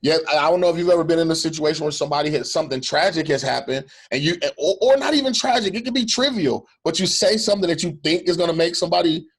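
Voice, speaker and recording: A man's voice: fairly high pitch, fast, hardly any pauses, breathy edge. A middle-aged male pastor talking earnestly in a reflective conversation, repeating phrases for emphasis.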